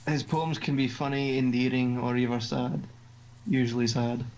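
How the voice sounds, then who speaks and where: A man's voice: mid-range voice, normal speed, lightly acted, rough recording. A Scottish man voicing a snarky teen club president girl. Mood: mocking. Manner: crude, teasing, deadpan insults.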